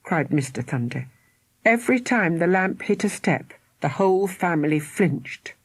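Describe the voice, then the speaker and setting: A woman reads a children's story aloud with expressive, lively intonation and dramatic pauses. Her voice is slightly husky. The recording is close and dry. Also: lowish voice, no echo. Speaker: audiobook narrator. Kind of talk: scripted narration.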